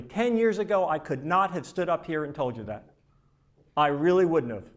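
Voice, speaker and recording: A man's voice: high voice, a bit bright. Emphatic man giving a keynote speech. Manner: emphatic, conversational, with repeated words. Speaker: keynote speaker for a research charity. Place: conference stage before an audience.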